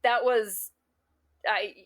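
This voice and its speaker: Woman guest rambling thru a personal story, lots of restarts, laughs a bunch, middle pitch. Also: fairly even intonation, extremely slow. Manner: rambling, emotional, frequent self-restarts and laughs. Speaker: guest cake artist. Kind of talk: casual interview storytelling.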